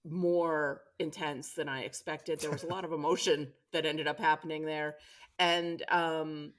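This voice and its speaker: A woman's voice: deep voice, steady tone, unhurried. A woman co-hosting a podcast, chatting enthusiastically. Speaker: podcast co-host. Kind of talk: casual podcast chat.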